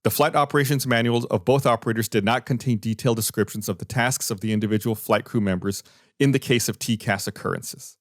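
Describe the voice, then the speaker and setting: A man's voice: mid-range voice, fast talker, no room sound, studio quality. A man hosting a podcast, explaining events and reading findings in a loose, conversational way. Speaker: podcast host. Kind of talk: casual podcast discussion.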